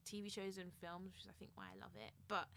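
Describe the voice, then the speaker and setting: Bright-voiced young woman co-hosting a chat podcast. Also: medium pitch, quick pace, gravelly, slight background noise. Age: 20s. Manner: animated, acts out her own reactions, laughs often. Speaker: podcast co-host. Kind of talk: casual chat.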